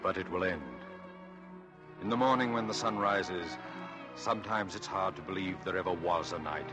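Man doing a kindly calm inspector, very deep voice, old radio recording with music under it. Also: moderate pace, natural voice. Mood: gentle. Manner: calm, reassuring. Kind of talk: 1940s radio acting.

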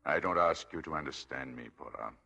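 A gravelly scheming husband. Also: male voice, extremely low pitch, a little fast, pushed and bright, lo-fi sound, full character voice. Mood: brooding. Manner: coaxing, then desperate. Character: scheming husband, tied up and pleading. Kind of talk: 1940s radio acting.

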